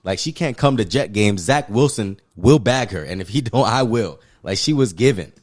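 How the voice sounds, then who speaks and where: A man's voice: fairly low pitch, moderate pace. A man from the Pacific Islands co-hosting a podcast, ranting in casual movie review chat, profane and emphatic. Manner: animated, profane, emphatic love-hate rants. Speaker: podcast co-host.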